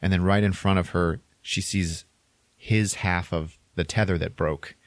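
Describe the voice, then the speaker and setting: A man with a deep, low voice recounts a story in relaxed podcast chat. He rambles, chuckles between lines and fills gaps with "like". The sound is dry and close, with no room echo. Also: a little slow. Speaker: podcast co-host. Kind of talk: casual chat, retelling a film plot.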